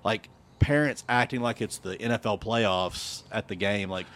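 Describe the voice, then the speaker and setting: A man's voice: lowish voice, moderate pace, a bit bright. A man co-hosting a podcast, chatting casually and asking questions, with lots of fillers like "like". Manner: inquisitive, filler-heavy with frequent "like". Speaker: podcast co-host; shift worker on night shifts. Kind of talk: casual chat.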